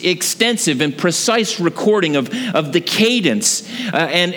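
A man preaching a sermon, telling a story with lively delivery and frequent ums and uhs. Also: high-pitched. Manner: animated storytelling with frequent fillers. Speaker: pastor. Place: church sanctuary. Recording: long hall reverb.

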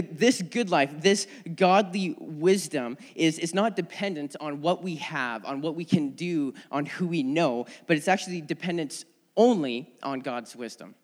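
A man giving a sermon in a church, earnest and conversational, often restarting his phrases as he tells a story. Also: on the high side. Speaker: preacher. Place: church sanctuary. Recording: long church reverb.

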